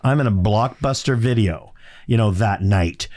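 A middle-aged man with a raspy, textured voice, chatting as a voice actor guest on an interview show and telling stories with sarcastic asides. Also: fairly low pitch, normal speed. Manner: animated storyteller, sarcastic asides. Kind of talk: casual interview chat.

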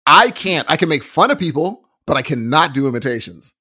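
A man co-hosting a podcast in casual chat, animated, joking and slangy. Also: on the high side, a little fast, slightly rough.

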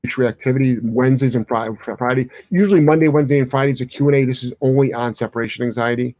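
A man's voice: mid-range voice, rapid-fire, a little mellow, no echo. A man who trains dogs for a living, answering viewer questions in a blunt, opinionated way, swearing now and then. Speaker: dog trainer.

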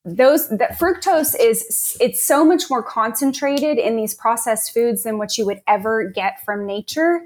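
A woman naturopath as an interview guest, explaining health topics in a steady, informative way. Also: on the high side, measured pace, few pauses.

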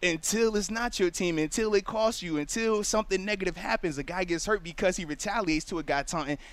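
A man's voice: high-pitched, fairly quick, fairly bright tone. A man, a former pro football player, explaining his view in casual sports radio talk, earnest and explanatory.

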